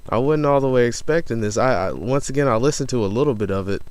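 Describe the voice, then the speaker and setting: A man's voice: medium pitch, fast talker, a little mellow, clean tone. A man casually commenting on a recorded phone call, mocking and incredulous, swearing as he talks.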